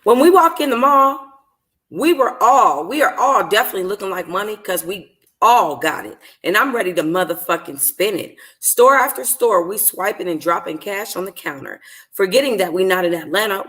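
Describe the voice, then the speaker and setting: A woman's voice: on the low side, a bit bright. A woman reading a novel aloud for a book club, casual and profane, stopping to apologize for slips.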